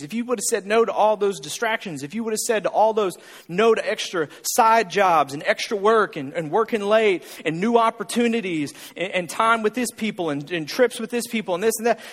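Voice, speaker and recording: A man's voice: high-pitched, long reverb tail. A male pastor preaching a sermon, pressing his point with repeated lines and rhetorical questions.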